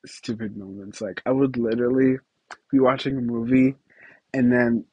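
A man's voice: medium pitch, steady tone, normal speed, husky, no echo, muffled recording. A young man hosting a podcast, chatting casually and giggling through rambling stories with lots of fillers. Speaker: podcast host. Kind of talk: casual solo podcast chat.

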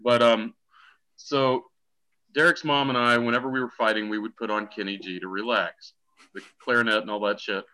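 Wry middle-aged man with a bright voice. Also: mid-range voice, steady tone, moderate pace, rough recording. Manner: wry, joking storyteller. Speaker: podcast guest, a co-host's father. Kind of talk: casual chat.

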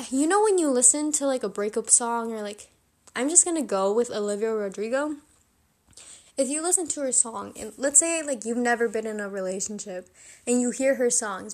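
A young woman with a slightly high voice chats casually to her audience. She rambles, leans on fillers and corrects herself as she goes. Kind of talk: casual confessional chat.

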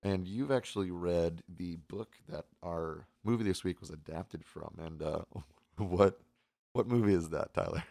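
Deep, gravelly young man hosting a podcast. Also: measured pace, no echo. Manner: relaxed, rambling, many fillers. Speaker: podcast host. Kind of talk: casual chat.

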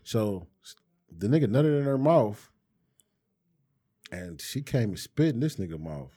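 A man's voice: fairly low pitch, sing-song, measured pace, mellow, husky. A man co-hosting a podcast, trading crude, boastful banter full of slang in casual chat. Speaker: podcast co-host.

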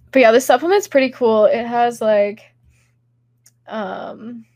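Young woman host, sick-sounding and stuffy, giggly and loose, fairly high pitch, dry close recording. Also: a little mellow, dry recording. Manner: giggly, chatty, many fillers. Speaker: podcast host reading chat. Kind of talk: casual livestream chat.

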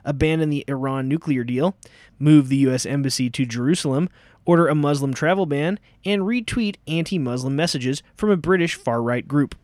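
A man hosting a comedy news radio parody with a measured, newsreader-like delivery. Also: on the high side, a little mellow, dry recording, studio quality. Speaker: radio show host.

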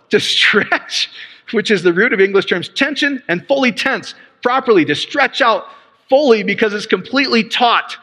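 Bright animated preacher man, reverberant hall. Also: sits high. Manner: animated, laughing often, explaining scripture word by word. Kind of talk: sermon.

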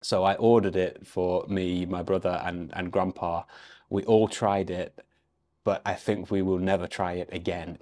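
A man's voice: sits low, darkish tone. A man teaching English by telling a travel story in a conversational way, read like a diary.

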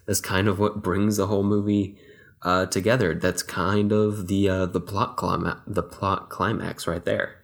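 A man's voice: sits low, level tone, a little slow. A young man who grew up in Texas, co-hosting a casual film podcast, rambling with lots of fillers and restarts. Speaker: podcast co-host.

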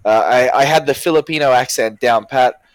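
A man's voice: mid-range voice, brisk, no room sound. A man from Australia, chatting casually and animatedly, full of fillers like "like" and restarts. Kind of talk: casual chat.

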